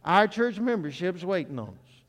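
A man's voice: high voice, very animated, moderate pace. A preacher quoting a polite older churchwoman. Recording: long reverb of a church hall.

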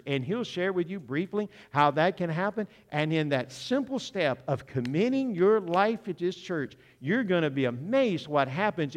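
Male preacher, storytelling sermon, somewhat high voice, echoing sanctuary. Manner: animated, humorous storyteller, direct appeals to listeners. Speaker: visiting preacher. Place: church sanctuary. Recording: long reverb of a church hall.

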